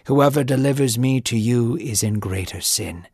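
A man voicing a calm, unshaken condemned man who speaks low and steadily, with music behind him. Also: normal speed, breathy edge, dry recording, studio quality.

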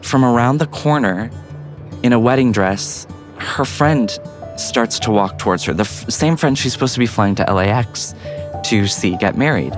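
A man's voice: medium pitch, animated, moderate pace, faint music behind. A man narrating an improvised bedtime story in a rambling way full of fillers. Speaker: guest storyteller.

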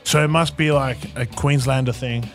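A man's voice: mid-range voice, fairly even intonation, moderate pace, soft background music. A young Australian man, a football player guest in a casual interview, easygoing and laughing often. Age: young adult.

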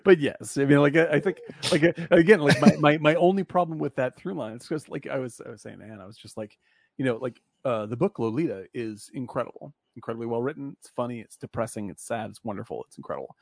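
A man's voice: mid-range voice, fast talker, creaky, no echo. A man hosting a casual film discussion, blunt and profane, rambling with lots of fillers.

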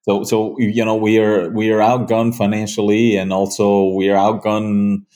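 A man being interviewed about his hunting show, speaking earnestly with frequent pauses and restarts. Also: on the low side, completely flat delivery, mellow. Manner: earnest, halting, many fillers and restarts. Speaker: hunting show creator, guest. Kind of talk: conversational interview.

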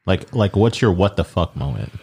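A man in casual chat, relaxed and profane, asking questions. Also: low voice, normal speed, gravelly, breathy edge.

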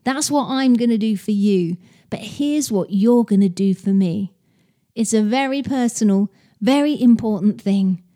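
A woman's voice: mid-range voice, a little slow, dark tone, natural voice. A woman reading out the lines of a brash, fading male football star in her own plain voice, without putting on an accent. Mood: insistent.

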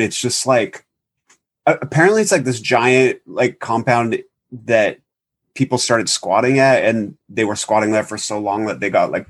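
Rambling guitarist full of fillers. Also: male voice, mid-range voice. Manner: rambling, filler-heavy storytelling. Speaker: band guitarist. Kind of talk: casual podcast chat.

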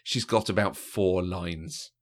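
A podcast co-host chats casually about a film, his low voice keeping a fairly even intonation as he takes things slowly. He's hesitant, full of fillers, and laughs often.

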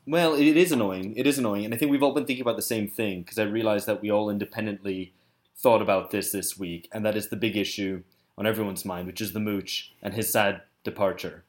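Podcast host, man, low-ish voice, easygoing and joking. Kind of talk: casual podcast chat.

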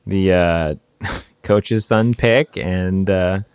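A man's voice: low voice, drawn-out words, smooth, dry recording. A man co-hosting a casual podcast who laughs often and asks the others trivia questions. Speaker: podcast co-host. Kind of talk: casual chat.

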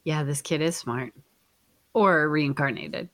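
A woman's voice: deep voice, takes it slowly, fairly bright tone, no room sound. A woman from the United States co-hosting a casual comedy podcast, teasing and sarcastic, swearing freely. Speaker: podcast co-host.

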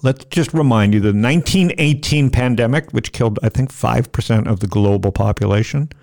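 A man's voice: mid-range voice, brisk, creaky, darkish tone. A middle-aged man hosting a podcast in a casual joking chat, rambling and self-mocking, jumping off topic. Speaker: podcast host.

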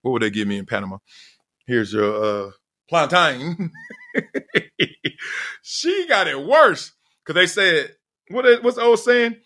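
A middle-aged man hosting a casual solo podcast, telling slangy, animated stories and laughing often. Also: fairly high pitch, measured pace, long pauses. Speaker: podcast host.

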